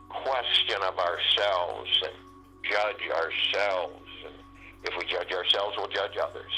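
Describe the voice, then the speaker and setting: Sharp-voiced man giving a spiritual talk. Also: lowish voice, low-quality recording. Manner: halting and repetitive, circling back to key phrases. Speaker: meditation call host. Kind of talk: spiritual teaching talk on a group call. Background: faint meditation music.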